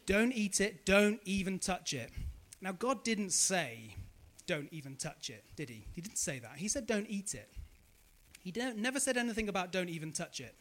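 Lively, high-voiced male preacher. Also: moderate pace. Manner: animated, asks the congregation questions and repeats their answers. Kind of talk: sermon.

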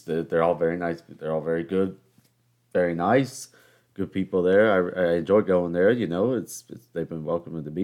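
A man's voice: sits low, darkish tone. A young man hosting a podcast, telling a rambling casual story with many fillers and restarts. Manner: halting, lots of fillers and restarts. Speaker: podcast host.

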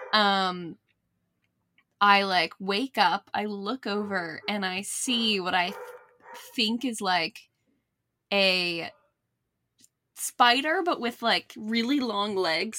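A woman's voice: mid-range voice, sharp tone. A woman co-hosting a casual podcast chat. She laughs often and tells rambling anecdotes. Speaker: podcast co-host.

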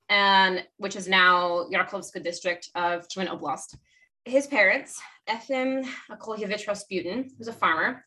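A chatty woman with a bright, forceful tone rambles through her notes as a podcast co-host, often correcting herself mid-sentence. Her voice sits a bit back from the mic. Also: mid-range voice, recorded from a distance. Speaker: podcast co-host presenting the research. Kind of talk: casual chat.

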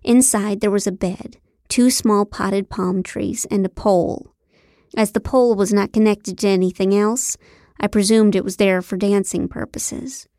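A woman narrating a comic novel in the first person, with a deadpan, wry delivery. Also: mid-range voice, unhurried, no echo, clean studio sound. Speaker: audiobook narrator.

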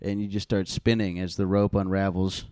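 A man's voice: low voice, little pitch movement, normal speed, mellow, clear, resonant tone, dry recording, clean studio sound. A man co-hosting a podcast, riffing on crude jokes and laughing often. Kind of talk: crude casual banter.

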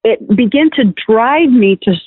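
A woman's voice: on the high side, lively intonation, measured pace. A candid woman minister talking casually in an interview, often starting over mid-sentence. Her voice comes through a narrow, tinny, phone-like line. The sound is dry, with no room echo. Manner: candid, frequent restarts. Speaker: guest minister.

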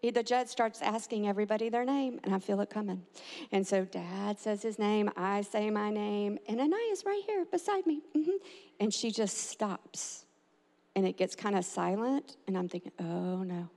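A mother telling a family story, animated and acting out the quotes with big jumps in pitch. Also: normal speed. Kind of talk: personal storytelling. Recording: long hall reverb.

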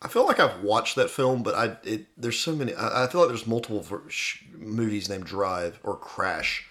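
A man's voice: lowish voice, normal speed, a bit bright. A man co-hosting a podcast in casual chat, easygoing and self-deprecating with many small restarts. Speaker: podcast co-host.

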